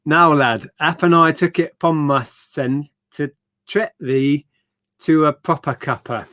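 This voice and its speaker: Bloke doing a hammy yorkshire voice, blunt old-fashioned talk, slow, dry sound. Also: male voice, fairly high pitch, fairly bright tone, dry recording. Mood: mock-stern. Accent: put-on Yorkshire. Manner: slow mock-old-fashioned dialect reading. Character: gruff blunt Yorkshire man writing a letter.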